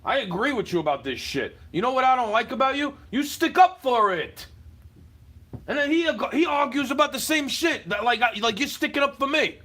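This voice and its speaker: A man ranting at the camera from his home, profane and confrontational, shouting at times. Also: very high voice, very animated, normal speed. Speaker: livestreamer. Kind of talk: angry rant to camera. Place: indoors, home.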